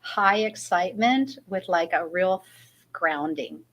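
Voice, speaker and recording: A woman hosting a relaxed talk show conversation, chatty and thoughtful as she responds to her guest. Her voice is on the lower side, and she often slows down when a point matters to her. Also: poor audio. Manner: chatty, warm, reflective, frequent "like" and "you know". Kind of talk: casual interview chat.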